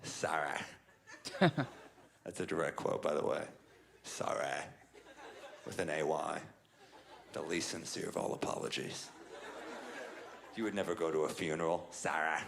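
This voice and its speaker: A male stand-up comedian telling a sardonic, deadpan story to a live audience. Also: rumbling low, moderate pace, vocal fry, pauses often, a crowd in the background. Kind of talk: stand-up routine.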